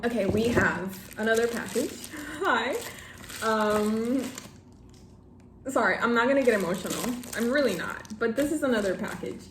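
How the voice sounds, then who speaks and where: A woman's voice: on the high side, expressive, a little slow, noisy background. A young woman chatting in a reading vlog, gushing and tearing up as she opens gifts from friends. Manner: gushing, emotional, laughs and teary outbursts. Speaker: book vlogger. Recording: echoey room with faint ambience.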